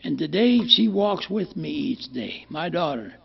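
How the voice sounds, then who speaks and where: An older man shares his story at a recovery meeting in a plainspoken, rambling way, stumbling over and repeating words. His voice sits high and sounds very gravelly and husky. The recording is muffled and lo-fi. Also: very animated, unhurried. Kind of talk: personal testimony at a meeting.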